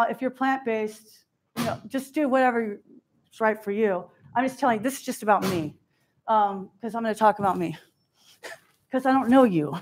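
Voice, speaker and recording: A middle-aged woman giving a candid, self-deprecating keynote talk, often acting out what others said to her. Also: fairly high pitch. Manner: candid, self-deprecating, acts out quoted voices. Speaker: keynote speaker.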